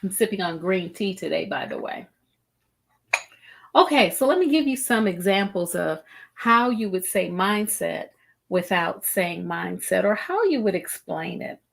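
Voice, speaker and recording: Middle-aged lady hosting a live stream, talks slow and careful, leans on phrases. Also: medium pitch, lively intonation, gravelly. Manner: slow, deliberate, with emphatic repeated phrases. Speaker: host of a wellbeing talk show. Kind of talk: live-streamed talk with viewers. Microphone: streaming setup, video call style.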